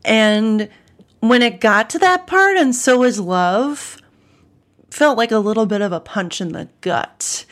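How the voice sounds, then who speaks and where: A woman's voice: fairly high pitch, a bit bright. A woman on a podcast, chatting casually and reflecting on her memories of a song, with some hesitations. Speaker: podcast co-host or guest.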